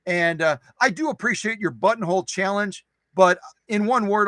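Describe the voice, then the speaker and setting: A man's voice: sits high, moderate pace, a bit bright, dry recording, rough recording. A man hosting a live stream who chats casually with viewers, greeting them by name in a playful, goofy way and repeating phrases for fun.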